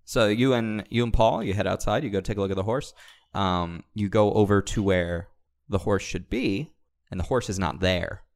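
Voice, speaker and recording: A young man narrating a tabletop game as game master, quick and animated. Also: fairly low pitch, creaky.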